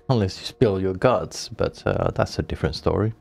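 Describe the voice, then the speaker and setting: Slow, gravelly man with halting speech. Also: sits low, sing-song, darkish tone, faint music behind. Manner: halting, full of uhs, dry humor. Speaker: radio show co-host. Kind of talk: casual radio chat.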